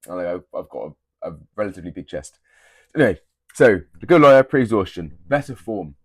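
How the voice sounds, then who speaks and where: A man's voice: deep voice, very animated, fairly quick, husky, no room sound. Blunt, swearing young man. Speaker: fitness creator. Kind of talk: casual gym tips to camera.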